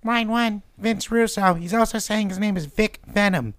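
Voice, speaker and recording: A man doing a crisp high female secretary patching calls through, dry mic. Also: moderate pace, a bit bright, no room sound. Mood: brisk. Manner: clipped and businesslike. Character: young female office secretary, brisk.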